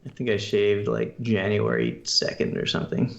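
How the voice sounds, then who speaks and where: A man's voice: fairly low pitch, sing-song, normal speed, vocal fry, reverberant, lo-fi sound. A man from Canada co-hosting a livestream, chatting in a teasing, easygoing way over an online call. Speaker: co-host. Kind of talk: casual chat on a livestream.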